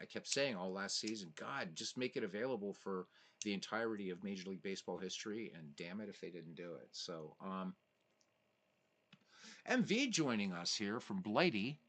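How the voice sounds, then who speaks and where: A man hosting a casual live stream of a baseball sim, calling results and chatting with viewers as he reads their messages. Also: fairly low pitch. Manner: chatty, reads chat messages aloud, excitable asides. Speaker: livestream host playing a baseball sim.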